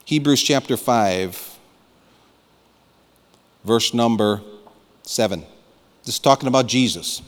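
A man preaching a fiery sermon as pastor, rising to shouts and calling for amens. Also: mid-range voice, takes it slowly, long pauses. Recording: long hall reverb.

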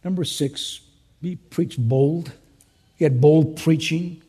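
A male pastor preaching a conference sermon to fellow pastors, swinging between loud urging and soft earnest asides, with joking conversational remarks. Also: a little high, slow pace, husky.

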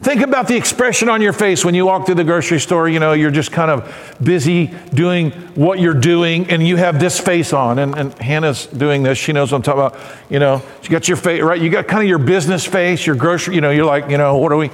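A middle-aged male pastor preaching with a high voice, animated and lively, acting out little voices and cries as he goes. The sound carries the long reverb of a church sanctuary. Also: a little fast. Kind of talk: sermon.

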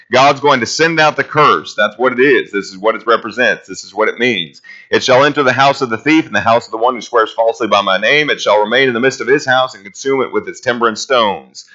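A man's voice: medium pitch, bright, forceful tone, highs cut off. A man leading a casual Bible study class, talking through scripture in a conversational, rambling way and reading passages aloud.

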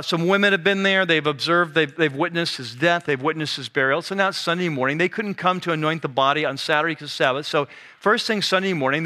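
Man, pastor, sermon, conversational storytelling, bright forceful tone, slightly high voice. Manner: conversational, animated storytelling with sudden hushed drops.

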